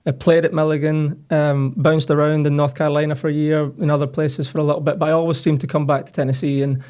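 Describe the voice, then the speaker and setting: A Scottish man in his late thirties, a soccer coach answering interview questions in a relaxed, plain-spoken way. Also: on the high side, quick pace. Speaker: head soccer coach, guest.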